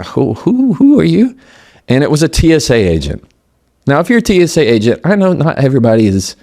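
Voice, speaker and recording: A man with a fairly low voice speaks in a motivational talk. His pitch rises and falls a lot as he acts out the people in his story. He talks in a loose, conversational way and often starts a sentence over. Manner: conversational, animated, with quoted dialogue and restarts. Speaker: attorney and communication speaker.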